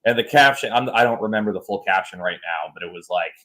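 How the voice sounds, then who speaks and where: A man in his thirties hosting a podcast, telling stories in an animated, jokey way with some swearing. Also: on the low side, fast, rough recording. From United States. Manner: animated storyteller, jokey and profane. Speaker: podcast host. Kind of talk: casual chat.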